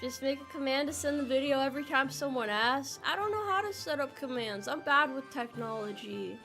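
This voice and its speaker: A woman's voice: high-pitched, animated, fairly quick, sharp tone. A young adult woman streamer chatting casually with her viewers in a playful, jokey way, with melodramatic outbursts. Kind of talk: casual livestream chat. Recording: faint music behind.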